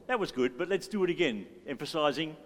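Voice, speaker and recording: Speaking fast in a slightly high, animated voice, a man leads a church service with jokes and playfulness, urging the congregation to join in. He's a worship leader, heard in a reverberant church hall with faint music.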